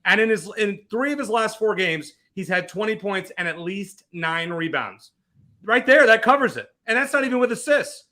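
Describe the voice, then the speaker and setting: A man giving sports betting picks on a show, confidently working through the numbers out loud. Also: high voice, expressive, moderate pace.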